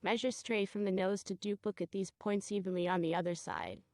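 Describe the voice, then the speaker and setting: A woman teaching a cosmetology procedure, guiding a student step by step and checking in with quick questions. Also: medium pitch, fairly even intonation, darkish tone, no room sound, clean studio sound. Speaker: cosmetology instructor. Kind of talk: hands-on training demonstration.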